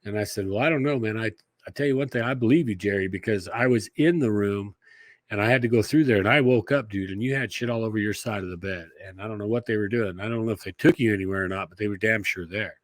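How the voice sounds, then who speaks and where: Podcast guest, man, low voice, dry close sound, folksy rambling storyteller who swears easily. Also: fast, no room sound. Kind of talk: casual storytelling.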